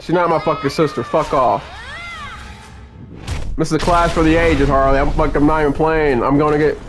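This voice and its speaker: Young man, gameplay commentary, angry profane rants, slightly high voice, faint game music behind. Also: fairly even intonation, normal speed. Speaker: gaming channel host.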